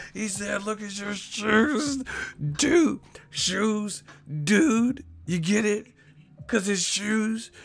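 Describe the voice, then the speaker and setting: A man's voice: high-pitched, creaky, voice pushed up, heavily acted. A man mocking a squealing, hyped rap fan. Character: overexcited male rap fan, easily impressed.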